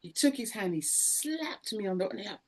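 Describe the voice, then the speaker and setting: A woman's voice: medium pitch, moderate pace. A woman guest sharing an emotional faith testimony in an interview, telling her story with lots of repetition and acting out the voices in it. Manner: animated storyteller, acts out voices, frequent repetitions.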